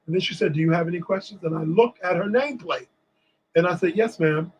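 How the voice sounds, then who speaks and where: A man from Washington, D.C., a guest on a talk show, telling lively stories and acting out what people said. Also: high-pitched, fast talker, dull audio, a little hiss or hum. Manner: animated storyteller acting out quotes. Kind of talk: storytelling in a casual interview.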